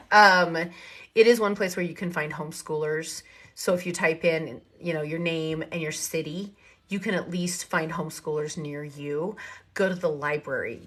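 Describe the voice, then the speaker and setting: A middle-aged woman hosting a live online chat about homeschooling, reading out viewer comments and talking in quick, lively bursts as she acts out conversations. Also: lowish voice, no room sound. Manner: animated, talks in quick bursts and acts out dialogue. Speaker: host of a live homeschooling session.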